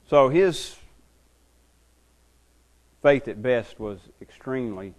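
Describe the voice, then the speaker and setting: A man's voice: medium pitch, unhurried, long pauses. A man preaching a sermon as a pastor, earnest and often repeating words as he builds his points.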